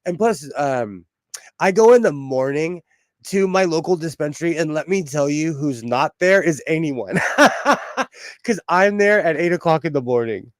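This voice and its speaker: Southern Californian man, chatty livestream host, slightly high voice, dry close sound. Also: animated, measured pace, no room sound. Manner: chatty, laughs often, talks back to chat. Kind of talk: casual livestream chat. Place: home sewing room.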